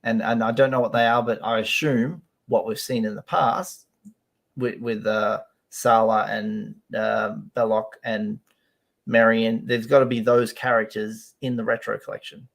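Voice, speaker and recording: A man's voice: on the low side, little pitch movement, unhurried, gravelly. A man with an Australian accent, a guest chatting casually on a live stream, easygoing and chuckling often. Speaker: guest collector.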